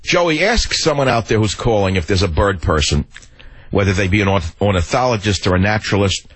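A man's voice: on the low side, expressive, a little fast, fairly bright tone, breathy edge, no echo. An older man hosting a talk radio show, swinging from tender musing to angry ranting with rhetorical questions.

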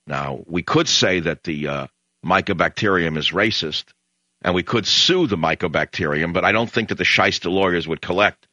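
A male talk radio host with a low voice and a hard, pushing edge delivers a combative, sarcastic monologue. The broadcast sound is dry and a little muffled. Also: sharp tone, no echo.

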